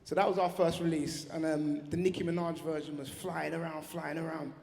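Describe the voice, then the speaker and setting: A man's voice: on the high side, little pitch movement, brisk, creaky, a little mellow. A man giving a heartfelt, slangy tribute speech on stage at an awards ceremony. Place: large awards venue hall. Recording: reverberant hall.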